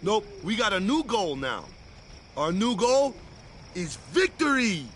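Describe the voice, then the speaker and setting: An actor playing an upbeat male team captain in a video game, rallying his team with shouts. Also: sits high, very animated, slow pace, a little hiss or hum, heavily acted.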